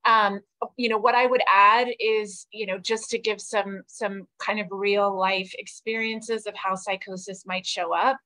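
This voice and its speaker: American woman, bright forceful voice, mid pitch, casual webinar talk on a video call. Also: fairly even intonation, normal speed, poor audio. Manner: casual, with frequent "you know" and "um". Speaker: social worker. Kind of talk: webinar presentation.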